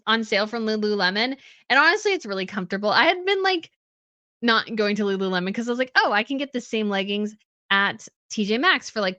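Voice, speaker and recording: A woman's voice: mid-range voice, pushed and bright, no room sound, lo-fi sound. A woman hosting a livestream, chatting casually as she reads out viewer comments, sounding a bit tired, with fillers and little laughs. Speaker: host.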